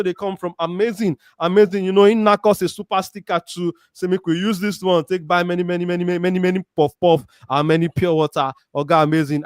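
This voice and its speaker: A man from Nigeria, speaking with a Nigerian Pidgin accent, hosts a casual football chat show, reading out viewer comments and giving lively shout-outs. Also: high-pitched, smooth, no echo, clean studio sound. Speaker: show host. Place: Warri, Nigeria.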